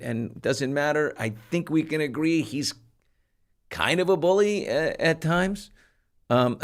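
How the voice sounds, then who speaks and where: A middle-aged man hosting a podcast, commenting casually with lots of fillers and an incredulous tone. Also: fairly high pitch. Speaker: podcast host.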